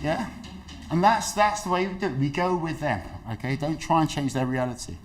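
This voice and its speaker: A man's voice: a little high, a little fast. A middle-aged man giving a dementia awareness talk, telling stories and acting out the people in them. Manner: lively storytelling, acts out quoted voices. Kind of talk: health talk to an audience.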